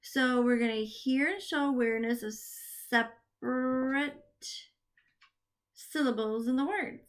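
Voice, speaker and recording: A woman teacher giving a literacy lesson to young children, drawing out words slowly and gasping with excitement. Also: high-pitched. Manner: slow, drawn-out words with excited gasps.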